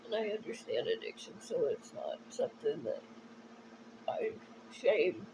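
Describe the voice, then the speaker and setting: A woman in a rambling personal monologue, talking in a halting, emotional way with many restarts. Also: fairly low pitch, sing-song, background noise.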